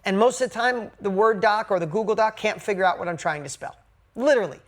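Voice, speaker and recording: Blunt, lively woman coach telling a story to her group. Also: medium pitch, fast talker. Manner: candid, animated storyteller who swears casually. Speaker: business coach.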